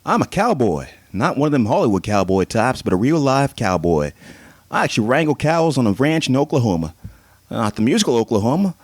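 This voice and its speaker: An actor playing a folksy cowboy pitchman in a comedy radio play, with hokey salesman patter and a twang. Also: big pitch swings, a little fast, echoey room, lightly acted. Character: folksy cowboy pitchman, adult man, cheerfully oblivious.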